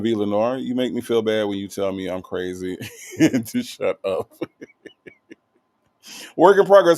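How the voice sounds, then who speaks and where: A man's voice: lowish voice, animated, slow pace, pauses often, a little mellow, no room sound. A man hosting a live video-call stream, chatting casually and reading viewer comments, often apologizing and checking in with "okay?". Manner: apologetic, repeats okay and all right a lot. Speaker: host of a true crime live stream.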